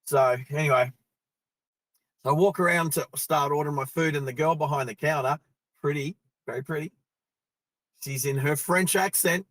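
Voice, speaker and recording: A man's voice: fairly high pitch, normal speed, long pauses, fairly bright tone, no echo. A middle-aged Australian man hosting a live driving vlog, telling stories in a loose, chatty way and laughing easily. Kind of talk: casual storytelling while driving. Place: in a car on the road.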